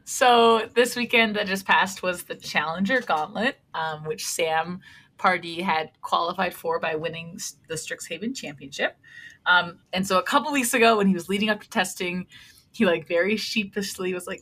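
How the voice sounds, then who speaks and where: Brief: bright, chatty woman co-host telling a story. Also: fairly low pitch, normal speed. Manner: chatty storyteller, laughs often. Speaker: podcast co-host. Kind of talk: casual chat.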